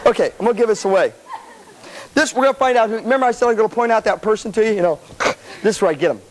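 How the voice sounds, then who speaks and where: A man giving a playful, animated motivational talk to student band members, acting out little scenes, recorded live in a hall with a crowd. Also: high voice, very fast. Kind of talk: lively motivational seminar talk. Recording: noisy live tape with audience laughter. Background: audience laughter and chatter.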